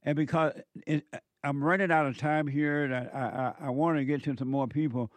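A man's voice: a little high, fairly even intonation, a little fast, no echo. A man hosting a call-in show, giving firm, direct instructions to a caller. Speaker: host.

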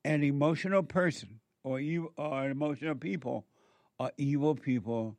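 A man giving a moralizing monologue in a slow, emphatic way, repeating words for stress. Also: fairly high pitch, a little mellow, no room sound.

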